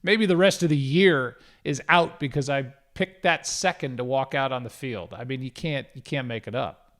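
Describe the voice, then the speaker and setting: A middle-aged man appearing as a guest broadcaster tells a story in casual conversation, lively and self-deprecating. His voice is mid-range at normal speed.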